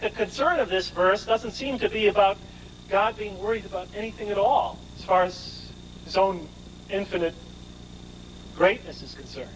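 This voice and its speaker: High-voiced man lecturing emphatically. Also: a little hiss or hum, rough recording. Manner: emphatic, explanatory, poses rhetorical questions. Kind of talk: scripture lecture.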